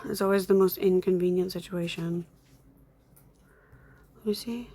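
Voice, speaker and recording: A woman's voice: fairly low pitch, fairly even intonation, a little slow, dark tone, a little hiss or hum. A young woman ranting in a screen recording at home, upset and irritated, swearing and muttering to herself as she blocks users. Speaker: content creator. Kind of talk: angry screen-recording rant. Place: home with dogs, construction noise outside.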